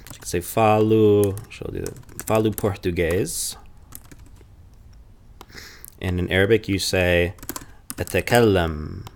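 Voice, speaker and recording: A man with a very low voice teaches a language lesson. He explains patiently and repeats sample phrases slowly and clearly. Keyboard typing sounds now and then. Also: slight background noise. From Chicago.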